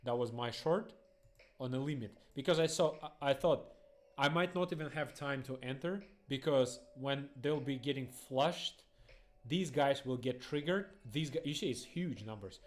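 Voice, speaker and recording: A young man, rambling excitedly through live trading stream commentary in phrasing. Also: mid-range voice, moderate pace. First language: Russian. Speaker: day trader streamer.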